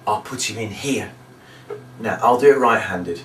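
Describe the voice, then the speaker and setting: A man's voice: fairly low pitch, normal speed. A man, a magician, teaching a trick step by step in a chatty instructional demonstration. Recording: roomy, distant mic, faint background noise.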